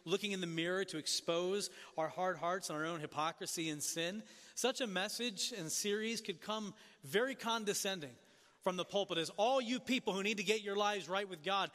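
A man preaching a sermon as pastor, earnest and questioning, often dropping soft and low for emphasis. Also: normal speed, big-room sound.

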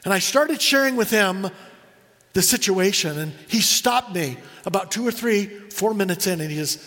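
Middle-aged guy pastor preaching, highish voice, echoey church hall, earnest storytelling. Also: expressive, fairly bright tone. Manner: earnest storytelling, slows for emphasis. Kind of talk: sermon.

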